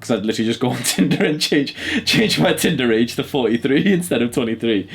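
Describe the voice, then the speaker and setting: A man's voice: mid-range voice, animated, quick pace. A man in his twenties chatting casually as a channel host, blunt and crude and often laughing. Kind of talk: casual chat.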